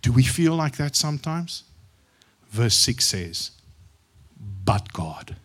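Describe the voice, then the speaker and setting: A man preaching a sermon. He moves from slow, quiet scripture reading to loud, excited storytelling. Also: mid-range voice. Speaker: pastor.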